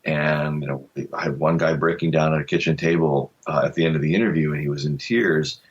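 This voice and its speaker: A man's voice: rumbling low, fairly even intonation, brisk, slightly rough, highs cut off. An older man from Delaware, an author being interviewed, telling stories in a thoughtful, reflective way. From Delaware, USA. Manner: thoughtful, reflective storyteller with soft laughs. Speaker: author guest. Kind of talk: conversational interview.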